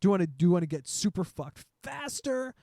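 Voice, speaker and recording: A young man chats loosely on a podcast, his voice sitting a little high for a man. He rambles, swears freely and drifts off on tangents. The sound is dry and close to the mic. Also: very animated, fairly quick, gravelly, mellow, no room sound. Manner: rambling, profane, goes off on tangents. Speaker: podcast co-host. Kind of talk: casual chat.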